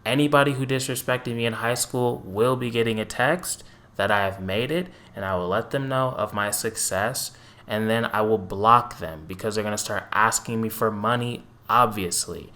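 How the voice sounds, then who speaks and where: A young man with a bright, forward voice runs his own casual basketball fan channel. He rants in an animated, profane way, throwing in petty, sarcastic asides as he breaks down the game. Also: fairly low pitch, moderate pace.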